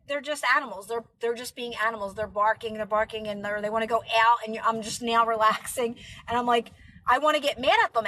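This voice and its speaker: Brief: chatty woman live streamer, high pitch, bright rambling talk. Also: rough recording. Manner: chatty, rambling with many fillers. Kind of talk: casual live stream chat.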